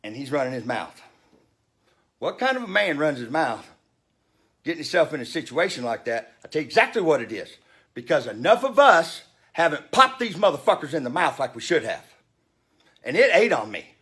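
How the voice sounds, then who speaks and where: Man in his fifties, blunt and profane, ranting with a lively, swinging voice in a fairly high register. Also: normal speed. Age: 50s. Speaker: vlogger. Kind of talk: heated storytelling rant.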